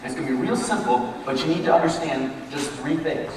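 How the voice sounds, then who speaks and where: A man giving a motivational leadership workshop, telling stories in an animated way and acting out the quotes himself, recorded from far off in an echoey room. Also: a little high, a little fast, a crowd in the background. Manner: animated storytelling, acts out quotes. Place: large room with tables, echoey. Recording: echoey hall from far off, faint ambience.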